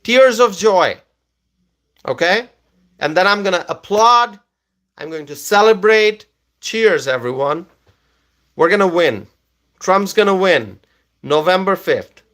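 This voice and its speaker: A man hosting a casual live stream, tired after a long day, talking slowly and repeating himself as he reads viewer comments aloud. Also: sits high, lively intonation, fairly bright tone.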